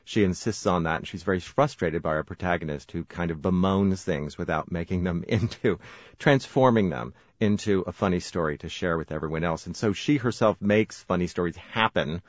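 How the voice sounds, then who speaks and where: American author guy on the radio, low voice, tells stories and laughs a lot, dry muffled sound. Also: a little fast, dry recording. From United States. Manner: warm storytelling, laughs often. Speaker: author, interview guest. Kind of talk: radio interview.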